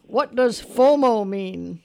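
Chatty radio host with a gravelly voice. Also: medium pitch, lively intonation, slow, a little mellow. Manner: chatty, chuckling, with many fillers. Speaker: radio talk show host. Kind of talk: call-in trivia quiz. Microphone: studio microphone.

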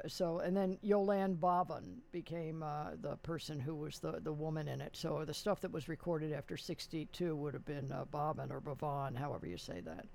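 A radio host chats casually on air with a caller, rambling through details and using plenty of fillers. His voice is a little high and creaky, with a darkish tone.

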